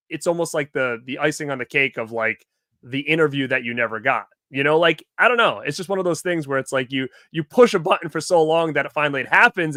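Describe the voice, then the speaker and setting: A man with a bright, forceful voice, pitched a little high, spinning a casual story for his co-host. He acts out both sides of the conversation in quick quoted bits, peppering it with filler words. The sound is close and dry, with no room around it. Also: no room sound. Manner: animated retelling with acted-out quotes, heavy "like" fillers.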